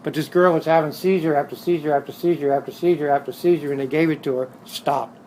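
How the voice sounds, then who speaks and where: A middle-aged man with a Southern Californian accent, his voice sitting a little high, telling stories in a blunt, streetwise way and hammering his points with repetition. He talks casually in his motorcycle shop, with a faint ambient hum behind him. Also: fairly even intonation, fast talker, a little mellow, poor audio. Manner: blunt, streetwise, repeats himself. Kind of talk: casual storytelling interview.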